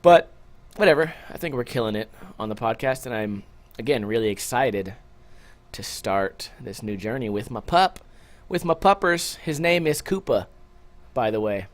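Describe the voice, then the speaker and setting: A man with a lowish voice and lively intonation speaks at a moderate pace. Hosting a solo podcast on little sleep, he rambles casually, joking and swearing a lot.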